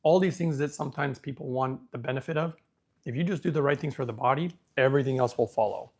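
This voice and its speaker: Speaking quickly in a mid-range voice, this livestream host fields viewer questions during a relaxed live Q&A. He muses out loud while reading the screen and sounds comfortably confident.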